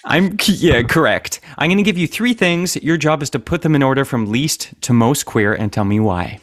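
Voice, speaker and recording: A man's voice: medium pitch, expressive, normal speed, no echo, clean studio sound. A man hosting a podcast in casual chat, upbeat and enthusiastic, laughing along with his guest. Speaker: podcast host.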